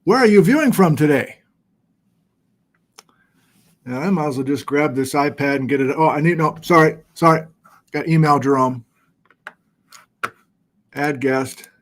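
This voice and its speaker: A middle-aged man with a slightly high voice hosts a casual livestream from a home studio. He chats loosely and pokes fun at himself while reading out viewer locations. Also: measured pace, pauses often. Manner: chatty, self-deprecating, reads viewer locations aloud. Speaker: livestream host. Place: home studio with document camera.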